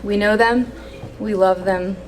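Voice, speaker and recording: Emotional young maid of honor toasting. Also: female voice, medium pitch, slight background noise. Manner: emotional, pausing to steady herself. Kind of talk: wedding toast read from a phone. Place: wedding reception hall.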